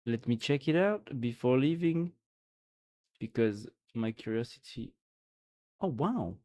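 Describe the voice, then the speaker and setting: A French-accented streamer, native in French, winding down a live stream well past midnight. The talk is unhurried and playful, with some giggles, and sounds tired. The voice sits at a middling pitch. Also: animated, warm tone. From France. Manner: playful, giggly, chatting with viewers. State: tired, late at night. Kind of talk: casual late-night live-stream chat.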